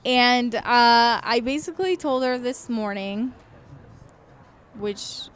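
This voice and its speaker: A woman's voice: on the high side, slow, fairly bright tone, slight background noise. A young woman guesting on a casual podcast, chatty and playful, steering the talk back on topic.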